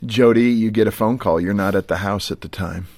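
A man hosting a radio interview who gently leads his guests with empathetic questions. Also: fairly low pitch, a little fast, no room sound. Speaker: radio show host interviewing a couple.

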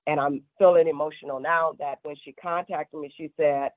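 A woman's voice: sits low, fairly even intonation, moderate pace, dry recording. A woman pastor in an interview, recounting calls for help in a heartfelt way. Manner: heartfelt, quotes callers at length. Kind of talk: emotional interview testimony. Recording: phone-like remote line.

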